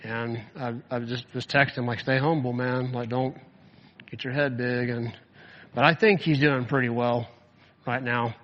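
A man's voice: medium pitch, steady tone, normal speed. A man giving a conversational Bible lesson to a group, telling stories casually with lots of "like" fillers. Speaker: Bible teacher. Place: hall or classroom with an audience. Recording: dull audio, long room reverb.

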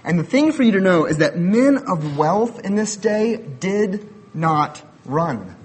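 A man's voice: sits high, sing-song, slow pace, breathy edge, faint music behind. A man in his thirties giving a sermon as a pastor, conversational, mixing personal stories with building emphasis.

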